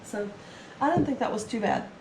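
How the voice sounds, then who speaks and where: A reseller vlogger chats and rambles casually through her haul, her voice a little strained as she recovers from being sick. Her voice is on the high side, swinging widely in pitch at a moderate pace with a creaky quality, and the echoey room carries background noise and faint ambience.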